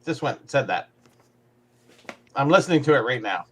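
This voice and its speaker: A man's voice: mid-range voice, lively intonation, normal speed, husky. A man joining a casual hobby livestream as a guest, making dry, offhand jokes.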